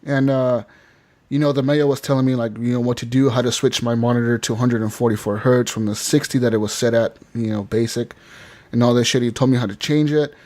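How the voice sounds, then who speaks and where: A man's voice: medium pitch, steady tone, a little fast, a little mellow. A man hosting a podcast, telling a long rambling story in casual chat, swearing freely. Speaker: podcast host. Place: podcast studio.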